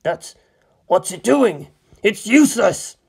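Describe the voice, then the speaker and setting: A man's voice: high-pitched, takes it slowly, gravelly, breathy edge, voice pushed up, full character voice. A man doing a frantic middle-aged bystander. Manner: excited breathless swearing. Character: middle-aged man filming a disaster, frantic then resigned.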